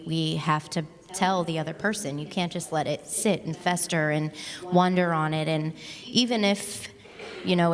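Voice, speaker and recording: A woman with a lower voice shares a story about a misunderstanding with a friend. She talks candidly and pokes fun at herself. Her voice rings with the long reverb of a church hall. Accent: American. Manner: candid, self-mocking, laughs at herself. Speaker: panel guest at a women's church event. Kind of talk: casual storytelling on stage.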